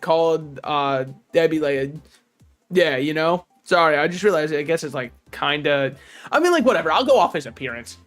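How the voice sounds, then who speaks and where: Casual male streamer, high voice, rambling and swearing a lot, faint music behind. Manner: profane, rambling, laughs often. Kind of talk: casual gaming stream chat.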